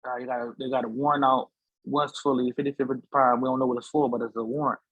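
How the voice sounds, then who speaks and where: Podcast guest, man, husky voice, slangy animated storyteller, dry close mic. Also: mid-range voice, quick pace, dry recording, narrow, tinny audio. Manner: slangy, repeats "so I'm like", acts out voices. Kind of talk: animated storytelling in casual conversation. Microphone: studio podcast mic.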